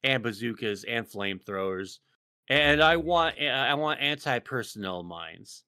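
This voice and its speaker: A man's voice: mid-range voice, animated, measured pace, sharp tone, clean tone, no room sound, studio quality. A man from Texas co-hosting a casual podcast, profane and rambling, with lots of fillers and restarts. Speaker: podcast co-host.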